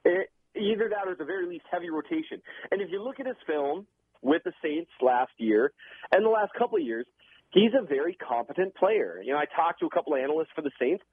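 A man giving casual football analysis on a call, talking quickly and animatedly with frequent restarts. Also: a little high, lively intonation, a little hiss or hum. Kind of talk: casual sports talk. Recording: muffled phone line, dry.

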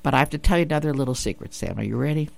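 Speaking very fast in an extremely low, darkish voice with vocal fry, a woman hosts a radio talk show through a studio radio mic. She's opinionated and emphatic, restating her points and throwing rhetorical questions at the listener.

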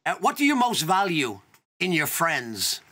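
A man's voice: fairly high pitch, huge pitch swings, measured pace, sharp tone. An Irish man hosting an interview, chatty and openly emotional, laughing often. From Ireland. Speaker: host. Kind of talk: casual interview chat.

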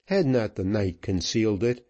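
A man reading a novel aloud in a measured, expressive way. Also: lowish voice, muffled recording. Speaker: audiobook narrator. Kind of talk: scripted narration.

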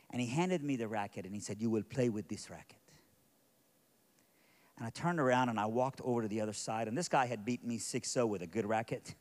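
A middle-aged man preaching a sermon, telling a personal story that moves from quiet, hushed moments to loud, intense passages. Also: on the low side.

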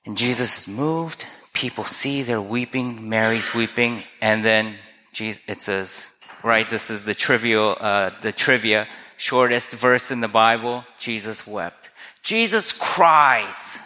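A man's voice: fairly low pitch, steady tone, unhurried, bright, forceful tone. A man preaching a sermon as a pastor, earnest and conversational, often asking his listeners rhetorical questions. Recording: long hall reverb.

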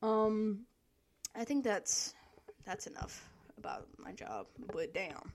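A woman's voice: medium pitch, very animated, slow, a little hiss or hum. A young woman, telling a work story in a casual, profane monologue, laughing often and acting out the people she quotes.

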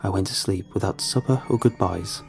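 A man giving scripted first-person horror narration in a measured, ominous manner. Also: low-pitched, gravelly, a little mellow, soft background music.

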